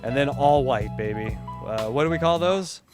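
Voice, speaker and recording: A man co-hosting a casual sports podcast, loud, profane and jokey. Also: mid-range voice, expressive, normal speed, loud music behind the voice. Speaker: podcast co-host.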